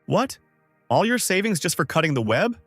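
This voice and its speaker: A man's voice: fairly high pitch, very animated, fairly quick, a bit bright, no room sound, soft background music, pitched above the performer's own voice. A man voicing a startled young male gamer who exclaims in disbelief. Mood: shocked. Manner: exclaiming and indignant.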